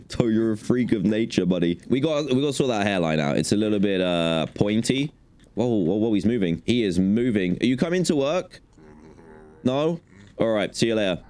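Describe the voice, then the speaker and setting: A young man talks through a game in a lively, jokey way. His voice sits on the low side but swings up and down constantly. He keeps chattering at the characters on screen. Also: normal speed, pauses often. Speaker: gaming video host. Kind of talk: let's play commentary.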